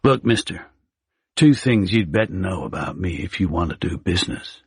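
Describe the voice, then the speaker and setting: A man voicing a menacing American hitman, speaking deep and slow with a Mississippi drawl in curt, flat threats. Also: slightly rough, no room sound, studio quality, heavily acted.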